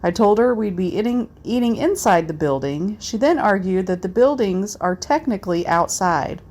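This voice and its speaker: A woman's voice: medium pitch, lively intonation, normal speed, a little mellow. A woman in her thirties co-hosting a podcast, reading funny parenting tweets in a wry, casual way. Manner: wry, laughs at her own jokes. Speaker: podcast co-host. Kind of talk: casual chat.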